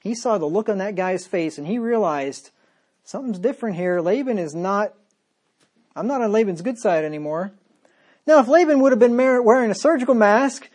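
Guy preaching, sarcastic, goes loud then drops low for asides. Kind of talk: sermon.

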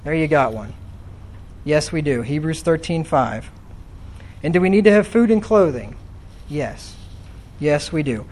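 A pastor delivers a sermon in a church with a high-pitched voice for a man. He reads scripture aloud and keeps turning to the congregation with easy, conversational questions. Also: expressive, a little slow, long pauses, darkish tone.

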